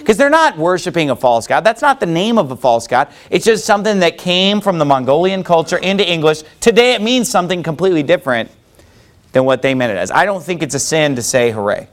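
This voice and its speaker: A man's voice: a little high, sing-song, a little fast. A man preaching a sermon in church, firing rhetorical questions at the congregation. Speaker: pastor.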